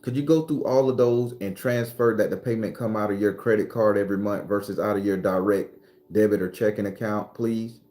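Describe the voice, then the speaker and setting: A man hosting a casual livestream, talking loosely, cursing freely and answering viewer comments, sometimes breaking into loud, high ranting. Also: steady tone, a little fast. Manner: swings into loud, high-pitched ranting at times. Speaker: livestream host.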